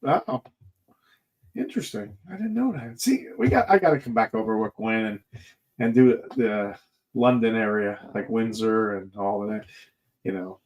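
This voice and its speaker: A man from the United States hosting a casual interview, telling relaxed stories and quoting his own past remarks. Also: lowish voice, moderate pace. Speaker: host. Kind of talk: casual chat.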